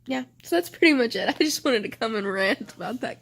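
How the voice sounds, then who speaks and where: A young woman chats to camera for her reading vlog. Her voice sits a little higher than usual, and she talks loosely and swears freely as she rants about what she has been reading. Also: expressive, a little fast, creaky, hardly any pauses. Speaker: book vlogger.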